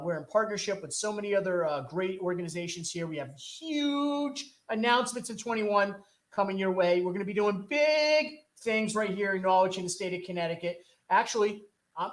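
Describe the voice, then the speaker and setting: A man hosting a talk show, delivering a rambling, impassioned political monologue full of rhetorical questions from a studio. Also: high-pitched. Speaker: host.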